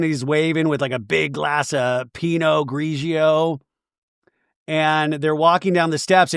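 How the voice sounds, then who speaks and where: A man's voice: on the high side, a bit bright, no echo, studio quality. A man hosting a comedic podcast, recapping a reality show in a wry, casual storytelling way with some swearing. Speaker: podcast host.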